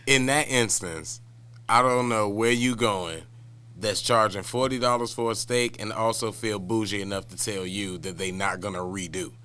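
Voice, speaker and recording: A man co-hosting a casual comedy podcast, ranting in detail in a relaxed storyteller's way. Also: lowish voice, normal speed, clear, resonant tone. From Wisconsin, US. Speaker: podcast co-host.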